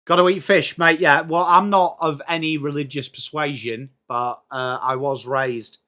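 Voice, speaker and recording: A man's voice: on the high side, steady tone, measured pace, pushed and bright. A man with an English accent hosting a casual live sports watchalong stream, chatting and greeting viewers by name. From England.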